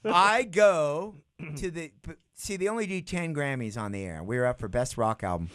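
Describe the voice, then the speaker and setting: A middle-aged man, a guest musician, animatedly telling stories in an interview and acting out quotes in a higher voice. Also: moderate pace, a bit bright, no room sound, clean studio sound. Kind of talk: interview storytelling. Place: radio studio.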